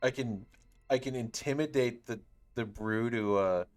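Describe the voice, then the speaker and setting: A man's voice: mid-range voice, unhurried, soft background music. A man playing a tabletop game, chatting casually, joking and rambling with fillers. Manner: lively and jokey, rambling with fillers. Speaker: player.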